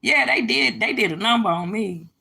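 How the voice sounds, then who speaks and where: A woman's voice: a little high, lively intonation, normal speed, gravelly, bright, forceful tone, breathy edge. A middle-aged woman holding forth on a livestream, emphatic and preachy, blunt and profane, talking straight to her viewers. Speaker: livestream host. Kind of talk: casual livestream monologue.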